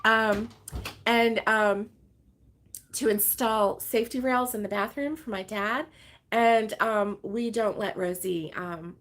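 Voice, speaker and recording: A woman's voice: medium pitch, fairly bright tone. A woman hosting a casual crochet livestream from home, rambling and chatting with viewers and laughing often. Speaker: crochet channel host. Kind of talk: casual livestream chat reading viewer comments. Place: her home, with dogs around.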